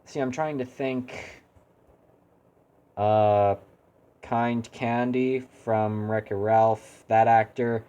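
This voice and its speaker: A man's voice: mid-range voice, steady tone, extremely slow, pauses often, dark tone, smooth, muffled recording. A man streaming a video game, chatting casually and critiquing his own attempts at doing voices. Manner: rambling, self-deprecating. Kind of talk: casual gaming stream chat.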